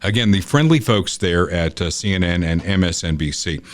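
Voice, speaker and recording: A man's voice: sits low, moderate pace. Opinionated guy hosting a talk show, punchy and emphatic. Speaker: podcast host. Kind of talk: political commentary chat.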